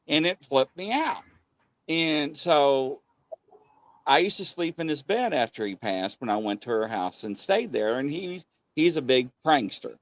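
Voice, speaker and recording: Excitable man telling a ghost story. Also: a little slow. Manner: animated, voice jumps high when excited. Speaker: paranormal show host. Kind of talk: casual storytelling. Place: studio.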